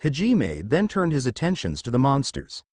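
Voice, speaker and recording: A young man narrating a fan fiction story in a plain, steady way. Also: medium pitch, normal speed, dry recording.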